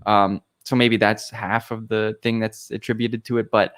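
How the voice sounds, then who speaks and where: A man's voice: fairly low pitch, flat delivery, moderate pace, fairly bright tone. Rambling young man telling a story. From Canada. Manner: rambling storyteller, many fillers and restarts. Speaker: podcast guest. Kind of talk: casual chat.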